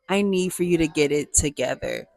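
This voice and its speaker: A woman's voice: low voice, normal speed, vocal fry, darkish tone, no echo. A woman voicing her exasperated mother, who firmly urges a sensible car choice in a no-nonsense tone.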